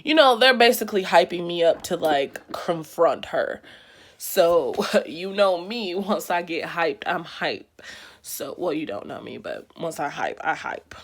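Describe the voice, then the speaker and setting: A young woman vlogger telling a story in an animated, slangy way with quick asides. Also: on the low side. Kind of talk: storytime vlog.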